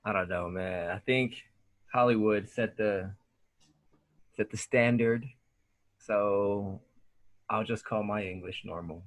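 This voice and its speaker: A man's voice: fairly low pitch, takes it slowly, pauses often. A young man with a Southern Californian accent, a podcast guest, talking in a laid-back, slangy way and swearing casually. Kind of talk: casual conversation.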